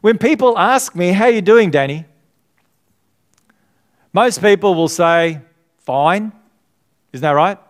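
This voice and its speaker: This middle-aged pastor has a high, animated voice, speaks at a slow pace and pauses often. His sermon is earnest and conversational, and he frequently invites the congregation to fill in his words.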